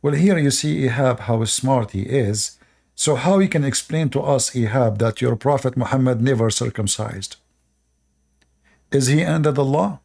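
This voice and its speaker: Channel host, male: preachy advice monologue, non-native English, dark mellow tone. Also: medium pitch, normal speed, vocal fry. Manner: lecturing, rhetorical questions, repeats short commands.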